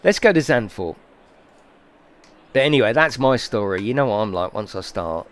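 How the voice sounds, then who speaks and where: Sweary British man, low voice. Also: expressive, normal speed. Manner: rambling, sweary storyteller who grows heated. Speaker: sim racing streamer. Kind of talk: casual live-stream chat.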